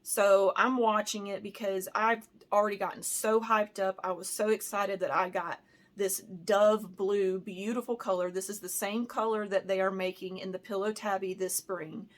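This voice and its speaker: Brief: American woman vlogger, casual storytime, worked up, filler-heavy, mid-pitched. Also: fairly even intonation, moderate pace. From United States. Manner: heated and emotional, with many "like" and "you know" fillers. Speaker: handbag vlogger.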